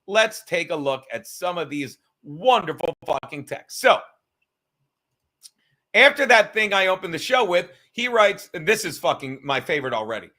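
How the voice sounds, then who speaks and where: A man's voice: high voice, big pitch swings, normal speed, pushed and bright. A man hosting a livestream, ranting and mocking in a profane, combative way. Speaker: livestream host.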